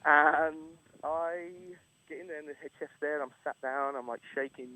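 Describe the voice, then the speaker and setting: A man's voice: fairly high pitch, steady tone, normal speed, sharp tone, rough recording. A middle-aged man from England, a chef telling a story as a radio guest, acting out quotes and laughing often. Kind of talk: casual storytelling interview. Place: radio studio. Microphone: studio microphone.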